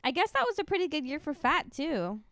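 A young woman co-hosting a podcast in casual chat, animated and swearing casually. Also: high-pitched, a little fast, noisy background. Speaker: podcast co-host.

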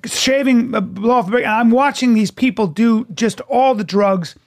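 A man hosting a casual podcast chat, telling a story with lots of energy, quick restarts and swearing. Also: very high-pitched. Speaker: podcast host, stand-up comedian.

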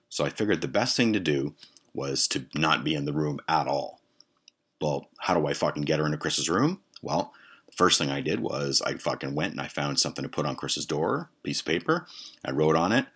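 Podcast host, very deep, raspy, swears constantly in a comic monologue. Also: male voice, animated, brisk, a bit bright. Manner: heavily profane, heated retelling.

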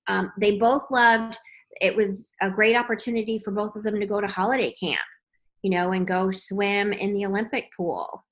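A Texas mother of young water polo players reminisces in a relaxed chat, her mid-range voice at a normal speed, often repeating words as she begins a sentence. The recording quality is low.

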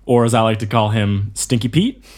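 A man's voice: fairly low pitch, moderate pace, darkish tone. A man hosting a casual podcast, rambling and teasing his co-hosts. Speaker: podcast host.

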